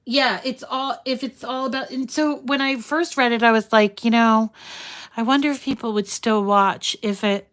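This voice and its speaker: A woman hosting a casual crafting livestream, chatting warmly with viewers and reading their comments aloud. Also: on the high side, fairly even intonation, moderate pace. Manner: talks sweetly to her dogs in a raised voice.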